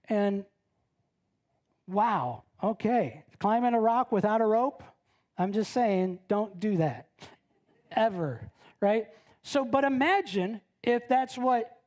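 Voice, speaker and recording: A middle-aged woman pastor delivering a conversational sermon, telling stories with frequent tag questions and acting out the voices of the people in them. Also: darkish tone. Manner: chatty storytelling, frequent "right?" tag questions; acts out quoted voices with big pitch jumps. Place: church sanctuary.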